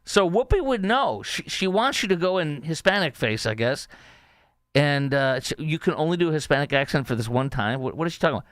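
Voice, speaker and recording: A male talk show host with a smooth, resonant voice, recorded close and dry with no room sound. He delivers opinionated commentary with sarcasm and mockery. His talk stops and restarts, full of fillers. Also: fairly high pitch, big pitch swings, a bit bright, no room sound. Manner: sarcastic, mocking, halting with many fillers.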